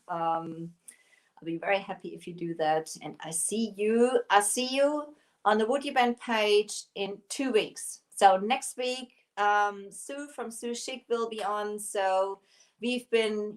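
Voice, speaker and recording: A woman with a German accent, German her first language, chats through a live craft stream at an unhurried pace. She giggles often and picks up viewer comments as they come in. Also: mid-range voice. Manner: giggly, laughs often while talking; chatty, reads out viewer comments. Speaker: craft shop owner hosting a live stream. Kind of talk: casual live-stream chat.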